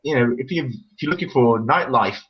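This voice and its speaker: A British man in his forties, mid-pitched, talking in a chatty, rambling and blunt way. His voice comes through a muffled, lo-fi remote call. He sounds like a host in loose conversation. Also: brisk. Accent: British English. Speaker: podcast host. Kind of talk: casual interview chat.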